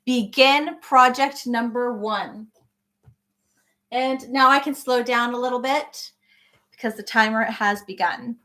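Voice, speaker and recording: Middle-aged woman, slightly high voice, bubbly live-stream host chatting from her home office. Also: slow pace, sharp tone. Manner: bubbly, greets viewers by name. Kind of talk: casual live-stream chat.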